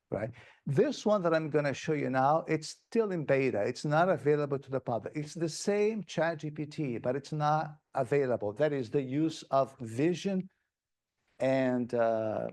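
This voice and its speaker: A man delivers a plenary talk at a conference with a gravelly, fry-tinged voice at an ordinary pitch. He sounds enthusiastic and conversational, often circling back to rephrase mid-sentence. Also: a little mellow. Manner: enthusiastic, conversational, with many restarts. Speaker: plenary speaker. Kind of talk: conference presentation.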